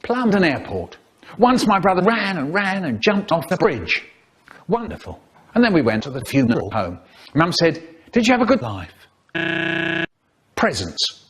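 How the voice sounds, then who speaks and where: Man, comic storyteller, rambling, higher pitch, very animated delivery. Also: moderate pace, a little hiss or hum. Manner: rambling storyteller who jumps into character voices. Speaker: narrator. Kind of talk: comedic parody storytelling.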